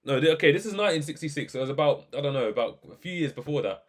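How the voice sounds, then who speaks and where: A young man giving casual, animated reaction commentary, ranting and firing off questions. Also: a little high, rapid-fire. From England. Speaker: video reaction host.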